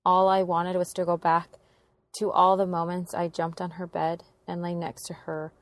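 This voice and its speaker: A woman's voice: on the low side, creaky. A young woman earnestly narrating a painful personal story, with emotion in her telling.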